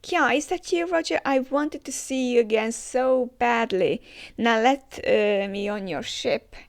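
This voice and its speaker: A woman's voice: medium pitch, steady tone, slow pace, clean tone. A woman voicing a lovestruck pirate woman who pleads eagerly and breathlessly. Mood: gushing.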